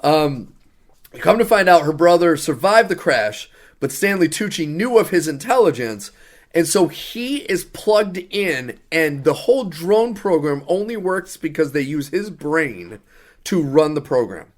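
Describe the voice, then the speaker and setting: A man's voice: a little high, very animated, a little slow. Ranting, exasperated podcast co-host, a man. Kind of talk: casual podcast movie review.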